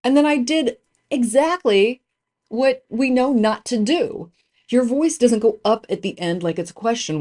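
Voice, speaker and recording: A woman hosting a podcast, introducing the episode and her guest, stressing words with higher, louder bursts. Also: lively intonation, normal speed. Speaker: podcast host.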